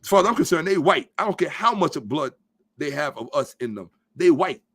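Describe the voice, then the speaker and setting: A man's voice: a little high, big pitch swings, fairly quick, fairly bright tone. A man hosting a podcast, giving a blunt, profane, emphatic commentary monologue and lecturing his listeners. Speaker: podcast host. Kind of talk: ranting social commentary monologue.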